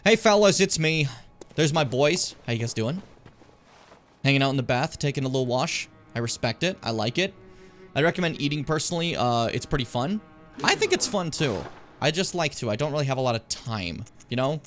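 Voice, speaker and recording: A man's voice: medium pitch, animated, brisk, fairly bright tone, faint music behind. Rambling, self-mocking young male streamer. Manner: rambling, self-mocking, frequent swearing and fillers. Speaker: streamer, host of his own channel. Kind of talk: casual gaming-stream chat.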